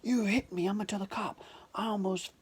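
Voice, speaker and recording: A woman's voice: medium pitch, fairly even intonation, brisk, a little mellow, husky, pitched above the performer's own voice, close to an everyday voice. Woman quoting an indignant accusing man. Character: angry offended man shopper.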